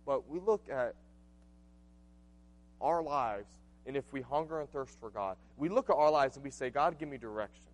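A man's voice: medium pitch, expressive, moderate pace, long pauses. A man in his late twenties preaching a sermon, earnest and conversational, telling a personal story with frequent asides. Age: 20s. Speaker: pastor.

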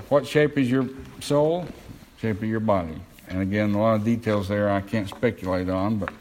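A man's voice: fairly low pitch, darkish tone. A man preaching a sermon, earnest and emphatic, lifting his voice when quoting Scripture. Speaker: pastor.

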